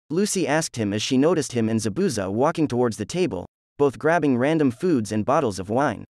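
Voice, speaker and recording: A man narrating a fan story in a plain, even scripted reading. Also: medium pitch, brisk, hardly any pauses, no echo, studio quality.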